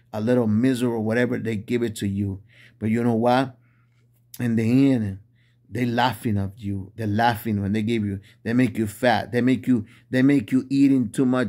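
A man's voice: fairly low pitch, a little mellow. A man delivering an impassioned preaching monologue in non-native English. He repeats phrases and restarts often.

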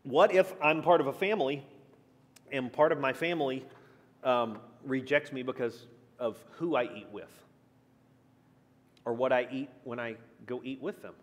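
A man's voice: mid-range voice, moderate pace, long pauses, long reverb tail. A man teaching a church class in a conversational way, asking the group questions and shifting his emphasis often. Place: church meeting room.

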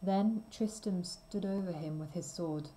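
A woman reading a simple storybook aloud slowly and clearly for language learners. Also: on the low side, mellow, a little hiss or hum, poor audio. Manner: careful, deliberate reading. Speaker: reader.

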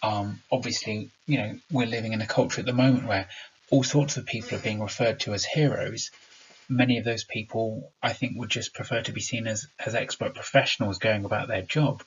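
Low, husky-voiced man teaching a lesson. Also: fairly even intonation, a little fast, dull audio. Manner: explanatory, stresses rhythm aloud. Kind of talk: recorded remote lesson.

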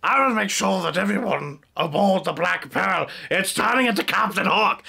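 A man's voice: high-pitched, expressive, moderate pace, gravelly, sharp tone, husky, heavily acted. A man doing a sly scheming pirate captain. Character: sly pirate captain mixed with a mad scientist.

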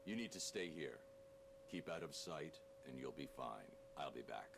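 An actor playing a grim, brooding male caped vigilante in a video game, speaking tersely in a gravelly growl, heard as game audio with a hum. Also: rumbling low, animated, moderate pace, exaggerated voice. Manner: terse, commanding.

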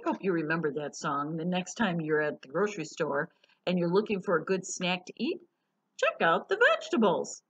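Animated storytime librarian woman. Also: fairly low pitch, normal speed, slightly rough, muffled recording. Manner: animated and sing-song, asks children questions. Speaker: children's librarian. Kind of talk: storytime read-aloud.

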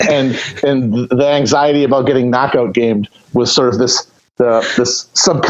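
A man with a mid-range voice riffs in a mock-earnest, analytical way on a comedy podcast. The recording is dull and lo-fi. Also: mid-range voice. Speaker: podcast co-host. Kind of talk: casual comedic chat.

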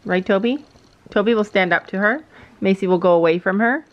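A middle-aged woman chatting casually in a vlog, mother and horse owner, switching to a high baby voice for her pets. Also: brisk, muffled recording. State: out of breath.

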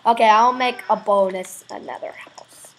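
A woman giving casual, excitable let's-play commentary, swearing freely and breaking into loud sudden exclamations. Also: medium pitch, normal speed, slight background noise, poor audio. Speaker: gameplay video host.

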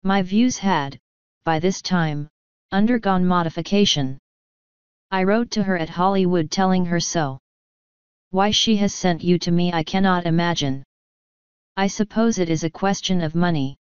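A woman's voice: fairly low pitch, normal speed, smooth, dry recording, natural voice. A woman voicing a cold, sneering aristocratic English lord, curt and disdainful. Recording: dull dry recording.

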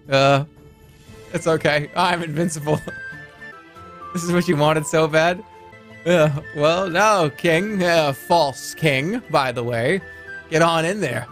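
His voice is a little high and a bit bright. A streamer in his thirties, he plays a game while chatting casually and joking, quick with reactions and reading chat messages out loud.

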